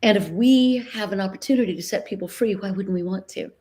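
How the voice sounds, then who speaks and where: A woman dialect coach talking in a casual interview, earnest and animated as she tells stories, over a video call mic. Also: mid-range voice, quick pace. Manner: animated, earnest storyteller with sudden bursts of laughter. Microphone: video call microphone.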